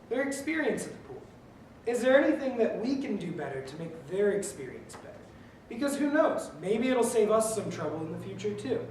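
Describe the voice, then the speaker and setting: A young adult speaker giving an earnest, prepared speech to pool staff, opening with a joke before urging them on. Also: mid-range voice. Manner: earnest, tells a joke then urges the listeners. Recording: echoey room, from far off, faint noise.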